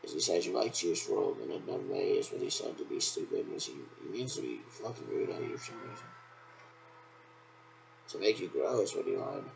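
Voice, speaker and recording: A man's voice: low-pitched, big pitch swings, a little fast, gravelly, noisy background. A man in a rambling, repetitive monologue that loosely strings thoughts together, recorded on a laptop webcam.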